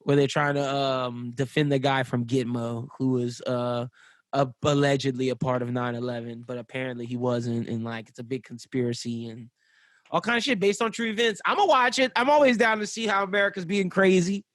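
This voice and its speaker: A man's voice: medium pitch, fairly quick, a bit bright, dry recording. A man co-hosting a podcast in casual chat, laid-back and slangy, rambling with restarts. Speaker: podcast co-host.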